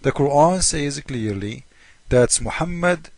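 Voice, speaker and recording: Guy lecturing on video, repeats himself a lot, highish voice, dry close mic. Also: animated, a little slow, a little mellow, no room sound. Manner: emphatic, repetitive, lecturing. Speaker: video host. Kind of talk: argumentative video monologue.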